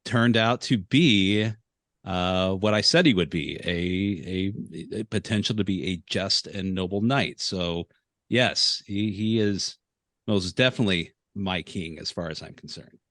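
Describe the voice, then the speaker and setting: A man with a low voice speaks slowly and earnestly as a tabletop game player. He hesitates often between phrases. The sound is dry and close. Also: fairly bright tone, dry recording. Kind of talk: in-game discussion of a character.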